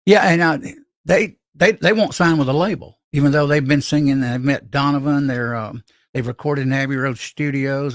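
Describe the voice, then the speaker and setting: A man's voice: medium pitch, no room sound. A man hosting a casual live stream, rambling and reading viewer comments aloud with lots of restarts.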